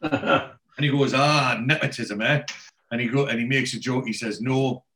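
Male host, mid-pitched voice, casual recap, quotes characters' lines, lots of ums and restarts. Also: steady tone, moderate pace, a bit bright. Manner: retells scenes by quoting characters' lines, with frequent ums and restarts.

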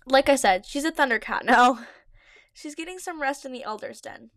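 A woman's voice: sits high, moderate pace, fairly bright tone, no echo, clean studio sound. A young woman reading her old fan story aloud with giggly, self-mocking asides. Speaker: podcast host reading her own old writing.

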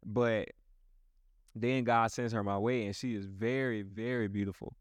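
A low-pitched man, a pastor, talks loosely and earnestly in casual chat, circling back and restarting his sentences. His voice is close and dry, with no room sound at all. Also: fairly even intonation, unhurried, no echo. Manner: rambling, many restarts and "like"s. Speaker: pastor and host.

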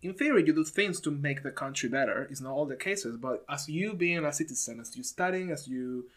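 A man's voice: on the high side, a little fast, a bit bright. Reflective man from Venezuela. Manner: reflective, searching for words with many fillers. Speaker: conversation partner. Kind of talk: casual chat.

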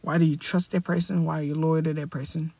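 A man's voice: on the high side, flat delivery, quick pace, gravelly, darkish tone, breathy edge, dry recording. A young man hosting his own podcast, talking casually, upbeat and rambling, correcting himself and firing off rhetorical questions. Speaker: podcast host. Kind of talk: casual solo podcast talk.

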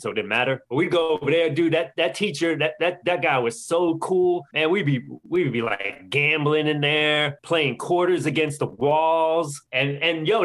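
A man's voice: on the high side, a bit bright. A man chatting casually with a friend, telling loose, profane stories from school and laughing often. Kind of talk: casual chat.

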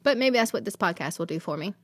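A woman's voice: medium pitch, lively intonation, fast, breathy edge, no room sound. A woman, hosting a podcast and telling a personal faith testimony in an earnest, emotional, rambling way. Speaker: podcast host.

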